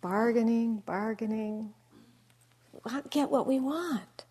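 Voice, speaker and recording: A middle-aged woman meditation teacher giving a dharma talk in a reflective, unhurried way, dropping into soft asides. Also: a little high, slightly rough.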